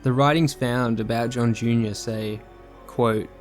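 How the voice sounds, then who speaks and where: Man, scripted narration, measured and sombre, close mic, faint music behind. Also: mid-range voice, steady tone. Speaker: true crime narrator.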